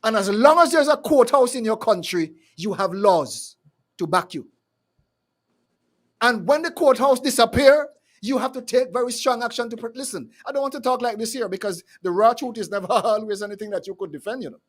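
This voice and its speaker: A fiery man hosts a live talk show. His voice sits high for a man, and he rants hard, often stumbling and repeating words as he pushes his point. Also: fairly quick. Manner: fiery, repetitive, stumbling restarts. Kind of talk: impassioned call-in commentary.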